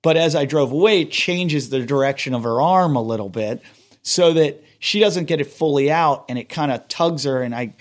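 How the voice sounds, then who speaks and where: A man's voice: a little high, moderate pace. Rambling, profane man telling a story. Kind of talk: casual storytelling.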